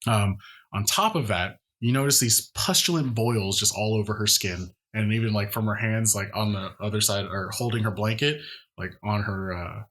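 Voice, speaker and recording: A man narrating a tabletop game as game master, in a relaxed style with lots of ums and uhs. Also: on the low side, normal speed. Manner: relaxed, many fillers.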